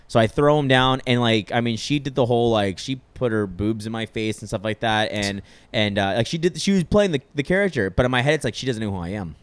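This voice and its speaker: A man's voice: medium pitch, fast talker, hardly any pauses, smooth, no room sound. A young man telling a long story in casual chat, rambling with lots of filler words and swearing freely. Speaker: podcast storyteller.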